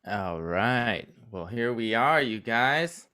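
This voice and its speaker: Bright-voiced man chatting before a show. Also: medium pitch, animated, slow pace, smooth. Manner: rambling, chatty, playful asides. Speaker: podcast host. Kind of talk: casual pre-show livestream chat.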